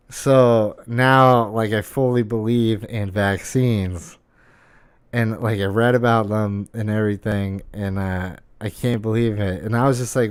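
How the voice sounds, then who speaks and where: A young man ranting on his podcast, profane and incredulous as he vents. His voice is smooth and resonant, and the recording sounds dry and close. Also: fairly low pitch, fairly even intonation, unhurried, no room sound. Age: young adult. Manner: profane, incredulous, swearing often. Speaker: podcast host. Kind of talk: ranting monologue.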